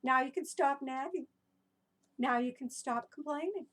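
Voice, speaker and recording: A woman reading her own animal rhymes to young children, animated and encouraging, often stopping to ask the listener questions. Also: high voice, moderate pace. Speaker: children's storyteller. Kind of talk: interactive storytelling for children.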